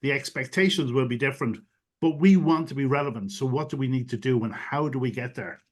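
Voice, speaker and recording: A man of middle pitch speaks as a guest expert over a video call. He explains in long, fluent runs, leaning on frequent "you know" fillers. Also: fairly quick. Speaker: guest expert on digital strategy. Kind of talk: webinar interview answers.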